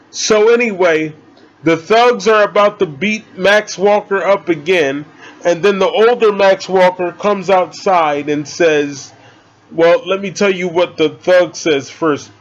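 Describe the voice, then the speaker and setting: Rambling excitable man, high voice. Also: highs cut off. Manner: rambling and excitable, swears casually. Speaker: movie reviewer. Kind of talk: casual spoken movie review.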